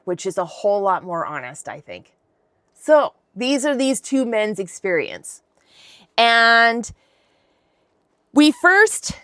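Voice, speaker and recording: Brief: casual, slangy female podcast host with a high voice, retelling a Bible story. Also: a bit bright, dry recording, clean studio sound. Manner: chatty, slangy, wry asides.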